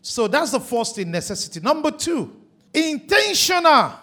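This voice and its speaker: A man's voice: very high-pitched, sing-song, fairly quick, husky. A man preaching a sermon as pastor, hitting key words hard and drawing them out. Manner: emphatic preaching, stretching and shouting key words.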